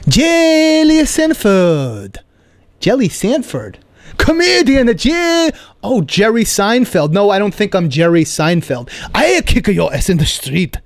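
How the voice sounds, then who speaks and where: A man voicing a grumpy, suspicious middle-aged landlord who speaks slow, broken English with a Korean accent. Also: sits high, sing-song, dry recording, voice pushed up, exaggerated voice. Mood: threatening.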